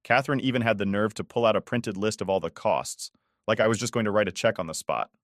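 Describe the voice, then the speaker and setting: A man's voice: fairly low pitch, fast, dry recording, clean studio sound. A man in his forties narrating a first-person story in a weary, resentful way.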